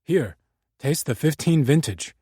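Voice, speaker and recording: A man voicing a hurried middle-aged wine buyer with a strong German accent, in an audiobook. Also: fairly high pitch, expressive, mellow, husky, no room sound, clean studio sound, voice pushed up. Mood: insistent. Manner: hurried, clipped.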